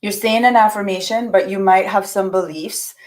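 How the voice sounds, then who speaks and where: A woman's voice: mid-range voice, steady tone, normal speed, poor audio. Earnest middle-aged woman teaching affirmations. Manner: earnest and encouraging, with frequent restarts. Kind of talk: casual teaching talk.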